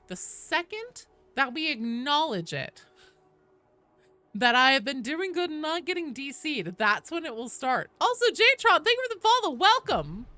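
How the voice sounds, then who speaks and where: A woman's voice: high voice, sharp tone. A woman chatting casually with viewers and teammates while streaming a game, swearing, cheering and thanking followers.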